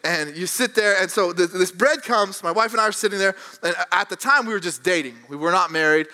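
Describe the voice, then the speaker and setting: A young adult man, a pastor telling a funny personal story and preaching with animated, self-mocking energy. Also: sits high, fast.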